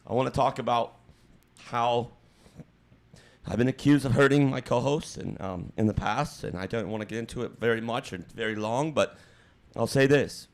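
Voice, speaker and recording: A man hosting a livestream, giving a halting mock apology with many fillers and restarts in a deadpan, fake-emotional tone. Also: mid-range voice. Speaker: streamer host.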